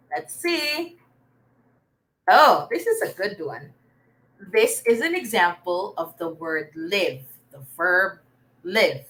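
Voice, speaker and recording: Bright, lively woman teacher. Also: a little high, poor audio. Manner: encouraging, praises students by name. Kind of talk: live online reading lesson.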